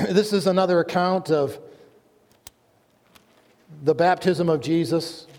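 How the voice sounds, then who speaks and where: A pastor delivering a sermon, reading scripture aloud and telling a folksy joke in an earnest manner. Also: male voice, a little high, takes it slowly, darkish tone. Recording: long hall reverb.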